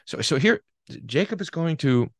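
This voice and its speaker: A man's voice: fairly high pitch, moderate pace, no echo. A man, a pastor, teaching a Bible class in a conversational way, reading quotations aloud and commenting with frequent restarts. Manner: lively, restarts often, reads quotations with emphasis.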